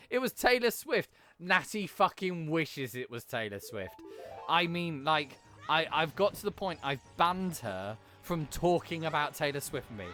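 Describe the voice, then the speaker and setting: A man chatting casually while he plays on a live stream, swearing freely and cracking quick jokes. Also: a little high, bright, forceful tone.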